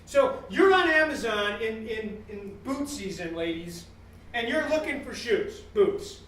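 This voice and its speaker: A man giving a joking, animated business keynote to a live audience, acting out customer exchanges as he goes. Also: high-pitched, measured pace, slight background noise. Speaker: guest speaker at a business talk series. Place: event room with a live audience. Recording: echoey room, mic at a distance.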